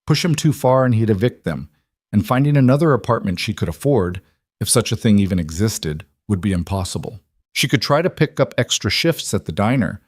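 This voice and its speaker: A man narrating a scripted story in a steady, somber way, close to the mic. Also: lowish voice, no echo.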